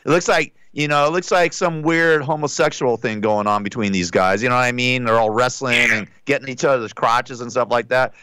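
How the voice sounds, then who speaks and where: A man's voice: medium pitch, steady tone, a little fast, hardly any pauses, pushed and bright, clean tone. A man co-hosting a casual talk radio show, rambling and hesitating often as he talks. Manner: rambling, hesitant, many "uh"s and restarts. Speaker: radio co-host.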